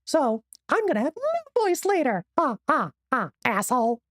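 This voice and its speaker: A man streaming a card game while putting on a squeaky, high cartoon mouse voice and swearing in character. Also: huge pitch swings, moderate pace, fairly bright tone, no room sound, clean studio sound, exaggerated voice. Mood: squeaky playful. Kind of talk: live game stream chat.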